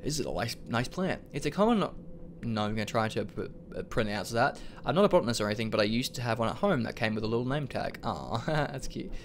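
A young man giving excitable, jokey commentary as he plays a video game, often laughing. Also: mid-range voice, fast talker, slight background noise. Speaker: let's play host. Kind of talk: gaming commentary.

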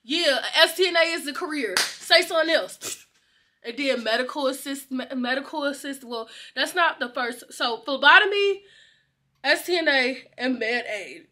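A young woman chats to her vlog camera in a high, bright voice. She is excitable and slangy and laughs easily. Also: moderate pace. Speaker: vlogger. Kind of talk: casual vlog chat.

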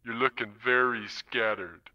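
A man voicing a languid, mocking AI posing as a pimp, slow and hushed, in an audiobook heard as dull old tape. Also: medium pitch, steady tone, natural voice. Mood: taunting.

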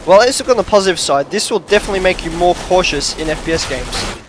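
A man commentating his own shooter gameplay, swinging between frustrated shouts, rants and quiet muttering. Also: sits high, lively intonation, fast, noisy background. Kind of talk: gaming commentary. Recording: game gunfire behind the voice. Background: gunfire from the game.

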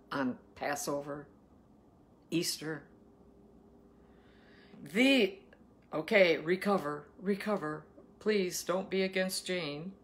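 A woman reads scripture aloud in a low, unhurried voice. She stops often for homey, chatty remarks and playful questions to her listeners. Her delivery is slow and deliberate, and it leans into the words she wants to stress. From Ohio, USA. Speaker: daily Bible reader and host. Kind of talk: Bible reading with folksy commentary.

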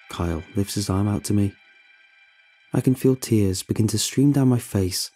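A man narrates a horror story in a measured, dramatic way. His voice sits low and sounds dark and husky. Soft music plays faintly underneath.

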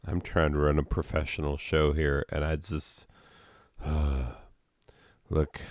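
Deep-voiced, deadpan joking man. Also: normal speed, dry recording, studio quality. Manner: deadpan, self-mocking and digressive. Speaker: channel host. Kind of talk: rambling comedic monologue.

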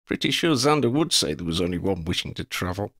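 A man's voice: sits low, sing-song, fast talker, fairly bright tone, dry recording, clean studio sound, exaggerated voice. A man reading the lines of a bold, wry young witch in an audiobook story.

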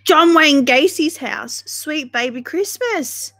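Young woman live-streamer, slightly high voice; casual, dramatic, foul-mouthed chatter. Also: lively intonation, takes it slowly, a bit bright. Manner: chatty, swears freely, dramatic. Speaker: livestream host. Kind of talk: casual livestream chat.

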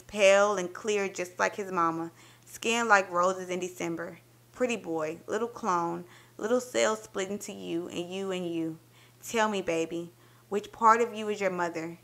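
A woman with a fairly low voice reads a short story aloud as a dramatic performance. She tells it in an intimate, expressive first-person voice. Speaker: book reviewer reading a story aloud.

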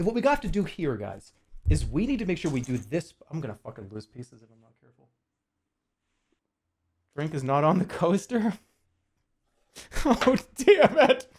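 A man in his forties with a voice on the high side and a darkish tone is casually livestreaming. He jokes and swears as he talks to viewers and works on a puzzle.

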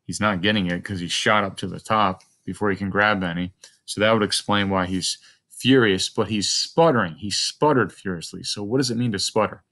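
A man's voice: on the low side, fairly quick, fairly bright tone. A male teacher reading a story aloud to children, thinking aloud and asking the listener questions as he models a close read.

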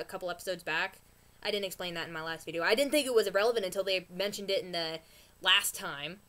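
A woman vlogger ranting casually about a TV episode, excitable and rambling, gasping and exclaiming as she talks. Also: medium pitch. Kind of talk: casual rant review.

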